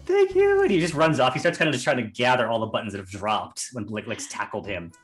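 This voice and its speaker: A man's voice: on the low side, fast talker, fairly bright tone, faint music behind. A man running a tabletop game as game master, narrating scenes in a loose, rambling way and laughing often.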